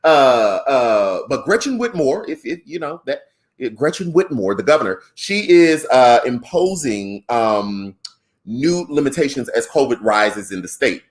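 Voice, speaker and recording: A man with a Southern African American accent talks through the news as a podcast co-host. He is animated and conversational, with slangy asides. His voice sits at an ordinary middle pitch. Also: unhurried. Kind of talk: casual political commentary.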